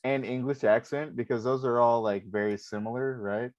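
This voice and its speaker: A playful male podcast co-host tells a cheerful anecdote in casual chat. His mid-pitched voice sounds dry and slightly dull through a lo-fi mic. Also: steady tone, normal speed, a little mellow, no room sound.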